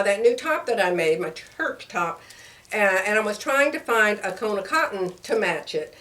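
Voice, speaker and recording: An older woman with a fairly high voice, rambling and chatty, laughing often as she talks. She sounds a little away from the mic in an echoey room. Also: pushed and bright, distant mic. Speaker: sewing vlogger. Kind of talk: casual chatty vlog. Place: home room.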